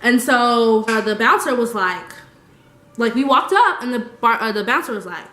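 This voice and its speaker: Young woman, higher pitch, slangy storytelling, echoey room. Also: normal speed. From United States. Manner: animated, laughing, slangy. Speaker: vlogger. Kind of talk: casual storytime.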